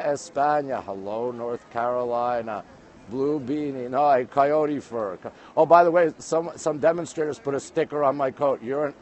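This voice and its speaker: A man's voice: mid-range voice, slight background noise. Canadian man livestreaming outdoors. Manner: chatty, greets viewers and reads comments aloud. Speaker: livestream host. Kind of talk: live phone stream chat. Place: outdoors on monument steps in a busy city. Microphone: phone held while streaming.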